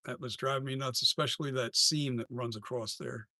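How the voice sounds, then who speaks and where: A man's voice: medium pitch, steady tone, brisk, sharp tone, dry recording, clean studio sound. A man who makes masks, chatting casually on a live stream, rambling and often trailing off and restarting sentences. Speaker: mask maker and live streamer.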